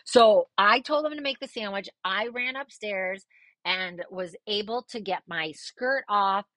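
Middle-aged woman, bright tense voice, dry close recording, casual storytelling, animated, swears. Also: mid-range voice, a little slow, dry recording. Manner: animated, swears freely, acts out quoted voices. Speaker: podcast host telling a personal story.

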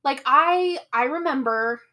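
A woman's voice: high voice, unhurried, pushed and bright. A young adult woman co-hosting a podcast, recapping a film in casual, filler-heavy chat and laughing often. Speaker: podcast co-host. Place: Portland area, Oregon.

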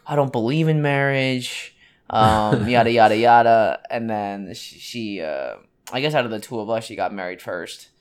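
Man in his thirties, co-host, mid-pitched voice, meandering casual storyteller full of ums. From United States. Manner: rambling, with many ums and restarts. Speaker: podcast co-host. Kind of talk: casual chat.

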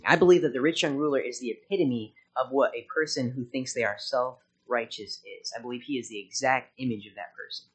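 Husky-voiced American man preaching emphatically. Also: a little high, a bit bright, rough recording. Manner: emphatic preaching, frequent "right?" tag questions. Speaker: pastor. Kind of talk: sermon. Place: church.

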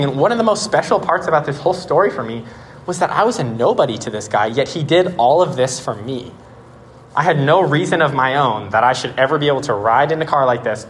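A young man preaches in a relaxed, chatty way and tells a personal story with growing excitement. His voice sits at an ordinary pitch and is full of "like"s. A faint hiss of room noise sits behind him. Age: 20s. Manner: animated storytelling, many "like"s. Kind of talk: casual sermon.

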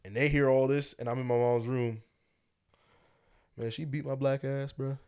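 A man's voice: medium pitch, moderate pace, clear, resonant tone. A man co-hosting a podcast, telling a story in casual chat with heavy slang. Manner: animated storytelling, heavy slang, laughs often. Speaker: podcast co-host.

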